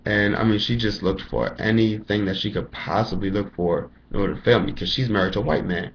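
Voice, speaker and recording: Young man ranting, low dull voice. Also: fairly even intonation, fairly quick. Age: young adult. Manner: profane, rambling, lots of "you know" fillers. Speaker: college student telling his story. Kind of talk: casual storytelling rant. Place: indoors at home, dim room.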